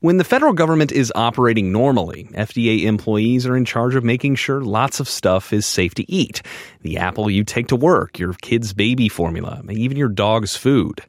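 A man delivering a scripted radio news report with measured, clear delivery. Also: mid-range voice, lively intonation, no echo, clean studio sound. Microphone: studio microphone.

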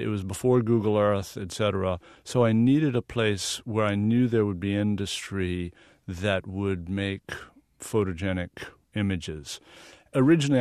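A man from the American South, a photographer, interviewed on the radio in a relaxed, storytelling way that breaks into easy laughs. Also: fairly low pitch, dry recording, studio quality. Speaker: guest photographer.

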